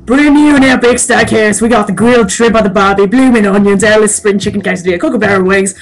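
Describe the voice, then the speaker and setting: A woman imitating a male restaurant ad pitchman with a thick Australian accent, rattling off menu items quickly and mumbling. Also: faint music behind, natural voice, poor audio. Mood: excited. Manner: rapid, loud, mumbled menu-listing.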